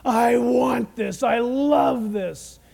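A man's voice: extremely high pitch, drawn-out words, gravelly, darkish tone, slightly rough, heavily acted. A man voicing a gloating male Satan who craves worship, boastful and relishing every word.

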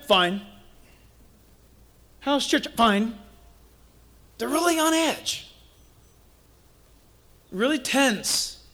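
A high-pitched man preaching a sermon in a conversational way. He moves between lively emphasis and soft, hushed points, with touches of wry humor. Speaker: pastor.

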